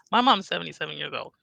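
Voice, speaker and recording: A woman in her fifties chatting frankly as a podcast co-host, telling stories with animated, acted-out dialogue. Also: fairly low pitch, vocal fry, dry recording, lo-fi sound. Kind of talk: casual chat.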